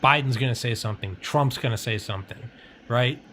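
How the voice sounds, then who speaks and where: A man at an ordinary mid pitch, rambling through a loose casual chat. He swears freely and fills his talk with "like" and "you know." A faint hiss of noise sits under the voice. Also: fairly quick, a bit bright.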